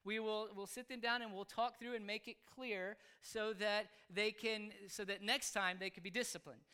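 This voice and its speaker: A man explaining how he raises his children, speaking earnestly in halting phrases. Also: high-pitched, fairly even intonation, bright, forceful tone, smooth. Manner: earnest, halting, with frequent restarts. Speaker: father explaining his parenting. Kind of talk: casual spoken explanation.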